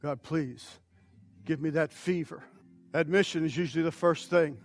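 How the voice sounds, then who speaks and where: A man preaching an altar call, impassioned, swinging from shouted pleas to near whispers. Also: on the high side, moderate pace, gravelly. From United States. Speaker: pastor.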